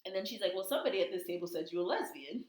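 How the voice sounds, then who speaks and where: A woman co-hosting a casual podcast, telling gossip and acting out quotes in high voices. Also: animated, very fast, darkish tone, a little hiss or hum. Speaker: podcast co-host. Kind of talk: casual chat. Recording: echoey room.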